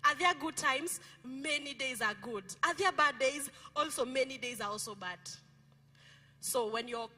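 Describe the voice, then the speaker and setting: A middle-aged woman pastor with a Kenyan accent, preaching a lively sermon in a church, playful and quizzing her congregation. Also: high voice, moderate pace. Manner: playful, code-switching, asks the congregation questions. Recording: music behind the preaching.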